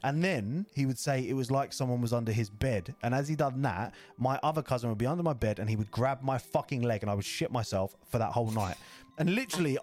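A man's voice: medium pitch, darkish tone. A young man telling a rambling childhood story in a casual chat, swearing freely.

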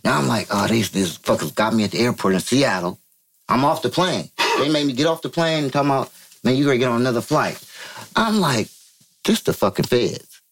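A man from Vallejo, California, telling a story as an interview guest, profane and animated, acting out quotes in a higher voice. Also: fairly quick, gravelly. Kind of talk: casual storytelling.

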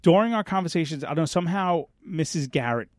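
A man's voice: fairly high pitch, lively intonation, fast talker, no echo, clean studio sound. A man co-hosting a podcast, telling a rambling story in casual chat and losing his thread now and then. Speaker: podcast co-host.

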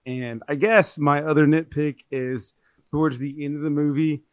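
A man's voice: on the high side, moderate pace, no room sound. Male podcast co-host, casual and rambling, dry close sound. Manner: chatty, rambling, self-correcting. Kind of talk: casual movie-review chat.

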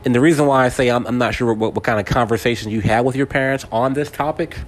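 A man's voice: mid-range voice, quick pace. A man in his forties from California, hosting a casual monologue, speaking straight to the listener and often repeating and restarting his words. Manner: talks straight to the listener, seeking agreement. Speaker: podcast host.

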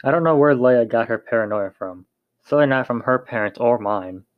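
A man's voice: mid-range voice, a little fast, dry recording, phone-quality sound, lightly acted. A man reading aloud voices a bold, restless young woman warrior who talks back defiantly. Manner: defiant, annoyed.

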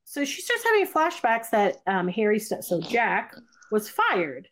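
Mulher contando um filme, cheia de "tipo". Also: female voice, on the high side, wildly swooping pitch, measured pace, slight background noise. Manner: rambling retelling with quoted voices, lots of "like". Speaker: host recapping a film. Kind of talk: casual chat.

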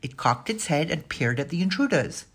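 A woman narrating a children's story aloud, expressive and giving the characters' lines their own voices. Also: deep voice, moderate pace, breathy edge. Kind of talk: storybook reading.

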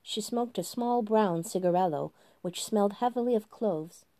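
A woman hosting a podcast reads a story aloud in a gentle, relaxed way. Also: medium pitch, moderate pace, hardly any pauses, no room sound. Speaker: podcast host reading a story. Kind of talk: storybook narration.

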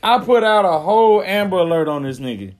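A young man co-hosting a podcast, telling a story in an animated, profane way and acting out what people said. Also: high voice, brisk. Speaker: podcast co-host. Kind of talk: casual storytelling chat.

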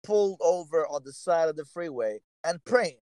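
A man's voice: a little high, normal speed. A man from Morocco, chatting casually and acting out voices as he tells stories. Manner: animated storyteller, acts out voices in anecdotes. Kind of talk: casual chat.

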